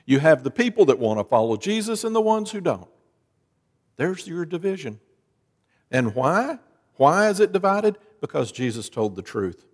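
Pastor, male, fairly high voice, animated delivery with dramatic rises and drops, long hall reverb. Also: moderate pace. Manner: dramatic preacher, lively rises and drops in pitch and volume. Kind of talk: sermon.

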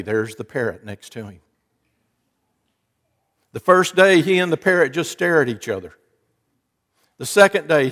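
A man's voice: fairly high pitch, a bit bright. A man preaching a sermon, telling folksy jokes and stories with wry asides to his congregation. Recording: long hall reverb.

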